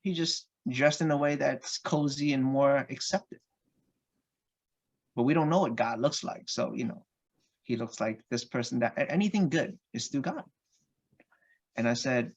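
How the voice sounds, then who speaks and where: A man's voice: mid-range voice, measured pace, pauses often. Guy telling a story bout his kid, mid voice, a bit muffled. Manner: animated anecdote-telling with restarts. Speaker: podcast guest. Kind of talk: casual storytelling.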